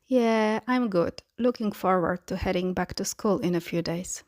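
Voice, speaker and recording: A woman reading the lines of an anxious, sharp-tongued teenage boy in a fan audiobook, clipped and defensive. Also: medium pitch, normal speed, no room sound, clean studio sound, lightly acted. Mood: strained cheerful.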